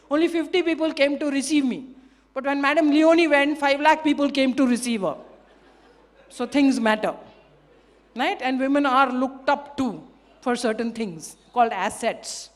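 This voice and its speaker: A woman giving a lively, humorous motivational talk as a leadership trainer, drawing call-and-response from a live audience. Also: sits high. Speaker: leadership trainer and keynote speaker. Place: large hall with an audience. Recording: long hall reverb.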